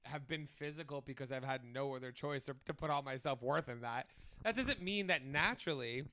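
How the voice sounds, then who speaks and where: A man's voice: medium pitch, a little fast, no echo. A man co-hosting a podcast in casual chat, telling stories with lots of laughter. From New Jersey. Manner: animated, laughing storyteller. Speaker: podcast co-host.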